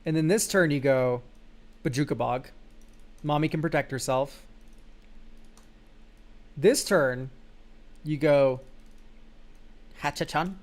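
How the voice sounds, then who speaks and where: High-voiced jokey young man streaming. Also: takes it slowly, long pauses. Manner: loose and jokey, swears and makes goofy exclamations. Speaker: streamer reviewing viewers' card game decks. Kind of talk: casual live-stream chat.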